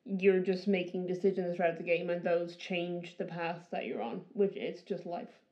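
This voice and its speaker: A woman's voice: on the low side, flat delivery, normal speed, darkish tone. A woman co-hosting a podcast, talking casually with many fillers and frequent laughter. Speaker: podcast co-host. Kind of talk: casual chat.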